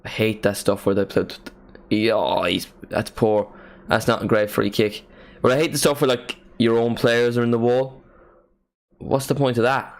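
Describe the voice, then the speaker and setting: A man hosting a live match watchalong, giving casual play-by-play commentary with jokey asides and excited calls. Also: mid-range voice, normal speed, creaky.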